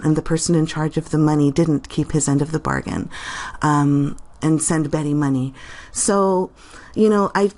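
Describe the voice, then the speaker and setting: A woman's voice: on the low side, a little mellow. A woman making a casual reaction video, reading comments aloud with sarcasm and frequent giggles.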